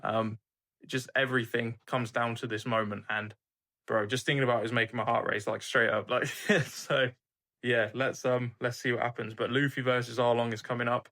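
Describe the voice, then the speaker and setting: Young man, anime reaction host, casual recap, earnest and emphatic, bright tense voice. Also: mid-range voice, steady tone, normal speed. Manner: earnest, emphatic, swears casually, many fillers.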